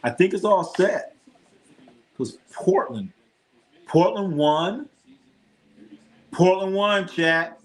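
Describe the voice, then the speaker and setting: A high-voiced man hosts a live sports stream, sounding animated while drawing out his words and leaving long pauses. He wanders from topic to topic, swears casually, responds to scores, talks with his chat, and tells jokey stories.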